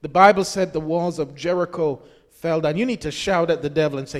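A male pastor delivering a fervent sermon, his voice swelling into loud shouts as he exhorts the congregation. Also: on the high side, fairly quick.

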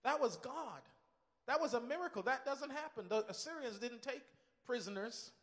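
Male preacher, high voice, emphatic sermon delivery with repeated phrases, long reverb of a big hall. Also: lively intonation, moderate pace, fairly bright tone.

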